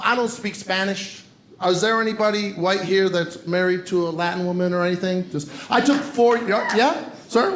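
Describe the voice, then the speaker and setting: High-voiced male comic working the crowd. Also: fairly bright tone. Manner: teasing crowd work, punchy delivery. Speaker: stand-up comedian. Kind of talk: stand-up comedy set. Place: comedy club stage. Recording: roomy club with crowd noise. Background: audience laughter.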